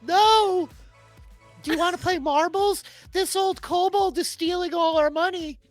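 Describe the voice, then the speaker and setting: Woman playing a pushy eight-year-old girl, very high and demanding. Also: unhurried, no echo, faint music behind. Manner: demanding, singsong.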